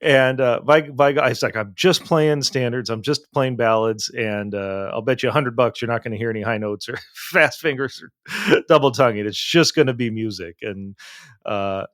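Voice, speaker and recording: A man's voice: mid-range voice, normal speed, fairly bright tone, dry recording. Man, podcast host, enthusiastic, laughs a lot, dry close mic. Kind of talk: casual interview chat.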